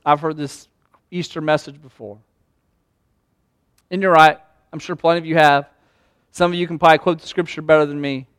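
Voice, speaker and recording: A man preaching an impassioned Easter sermon as pastor, swinging from hushed talk to shouts. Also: fairly high pitch, clean tone, dry recording, studio quality. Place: church sanctuary.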